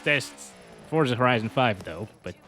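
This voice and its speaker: A man hosting a casual hardware review, upbeat and chatty, often laughing and mumbling quick asides. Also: mid-range voice, expressive, fairly bright tone, slight background noise. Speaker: tech reviewer host.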